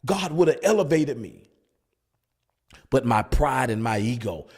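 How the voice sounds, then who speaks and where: Husky pastor preaching emphatically. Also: male voice, medium pitch, expressive, measured pace, darkish tone. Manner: repetitive emphatic preaching with rhetorical questions. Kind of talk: preaching at a Bible study. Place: church.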